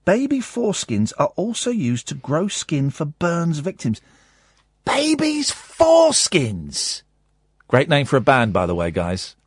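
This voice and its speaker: English man, husky radio host, animated delivery, jokey and mischievous, dry studio sound. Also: on the high side, moderate pace, few pauses, no echo. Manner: jokey, mischievous, playful asides. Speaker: radio talk show host. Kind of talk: comedic live radio chat.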